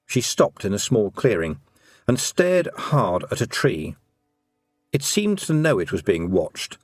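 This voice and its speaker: Expressive male audiobook narrator. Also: lowish voice, a little slow, no echo, clean studio sound, faint music behind.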